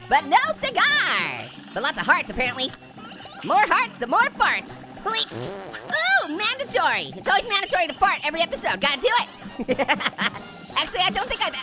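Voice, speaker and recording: A man performs a full character voice as a hyper, wisecracking talking orange, commenting on a game in let's play style. His voice is sped up and pitch-shifted high, and he giggles, puns and throws out goofy taunts. Loud game music plays underneath.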